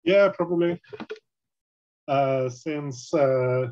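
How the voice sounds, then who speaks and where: A man playing a tabletop game, talking slowly and unhurriedly. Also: mid-range voice, a little mellow, lo-fi sound. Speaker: player.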